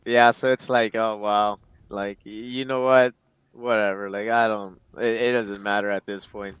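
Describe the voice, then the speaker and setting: Male guest, late twenties, emotional storyteller, swears a lot, smooth resonant voice, dry close recording. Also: lowish voice, flat delivery, moderate pace, fairly bright tone, no echo. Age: late 20s. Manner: emotional, swears freely, acts out quoted dialogue. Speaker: interview guest. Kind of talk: candid personal storytelling.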